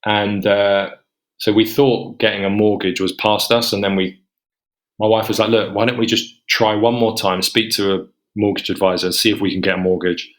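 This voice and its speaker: Guy in his 40s from england rambling through a story on a podcast, lowish voice, keeps acting out what people said. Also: little pitch movement, normal speed, fairly bright tone. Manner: rambling, quotes himself and others in a lifted voice. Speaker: podcast guest. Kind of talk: casual storytelling.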